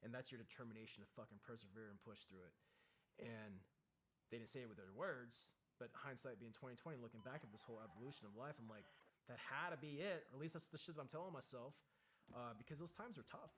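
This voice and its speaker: A man, a military veteran, telling a candid story with intense, profane emphasis and acting out shouted lines as he goes. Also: medium pitch, fast, slight background noise. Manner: acts out shouted quotes in the story.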